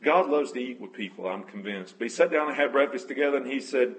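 A man's voice: medium pitch, expressive, quick pace, rough recording. A man preaching a conversational sermon, telling scripture stories earnestly and correcting himself as he goes. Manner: emotional, moved near tears.

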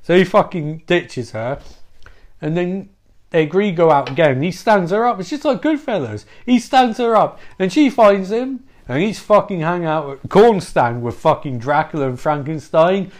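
A man's voice: high voice, animated, moderate pace. A man retelling a comic story in a rambling, profane, loose way.

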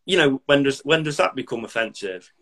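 A man, a military veteran talking casually and bluntly, swearing freely with dark humour. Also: medium pitch, expressive, a little fast. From Derby, England. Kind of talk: casual podcast chat.

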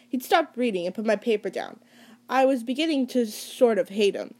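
A woman's voice: medium pitch, lively intonation, a little fast, a little mellow. A woman reading a first-person novel aloud in a casual, conversational way, with small slips and restarts. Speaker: reader.

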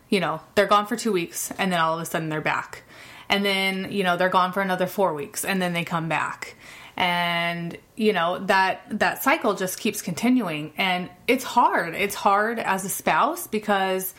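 A woman's voice: mid-range voice, a bit bright. Woman, 30s, podcast host. Casual and candid, laughs often. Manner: chatty, candid, laughs often while talking. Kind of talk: casual solo podcast talk.

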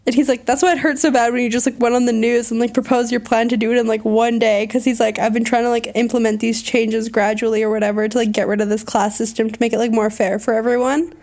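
A young woman casually retelling a book plot to a friend, animated, with many fillers. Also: on the high side, fast talker, hardly any pauses. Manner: animated storytelling with many likes. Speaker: book recapper. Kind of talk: casual chat.

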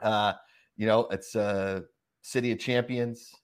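A man's voice: fairly low pitch, fairly even intonation, slow, clear, resonant tone. A man in his forties from Pittsburgh, co-hosting a live comedy and sports show in a casual, rambling way with lots of fillers. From Pittsburgh, Pennsylvania. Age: 40s. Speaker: co-host.

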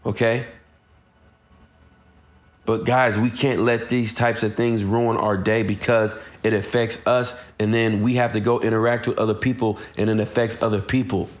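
A man's voice: fairly low pitch, little pitch movement, moderate pace, dull audio. A man in his thirties giving a casual, earnest motivational talk straight to his listeners. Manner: earnest, addresses listeners directly. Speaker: motivational speaker.

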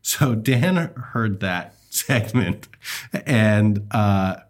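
A man co-hosting a podcast, chatting casually with relaxed, hesitant pacing and many fillers. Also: fairly low pitch, very slow. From United States. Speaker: podcast co-host.

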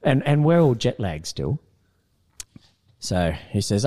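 A man telling an animated story in casual studio chat, laughing often. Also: mid-range voice, unhurried, long pauses.

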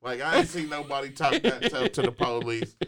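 A man's voice: mid-range voice, sing-song, fairly quick, fairly bright tone. A man co-hosting a talk show in a studio, telling a story casually with heavy profanity. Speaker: co-host. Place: radio studio.

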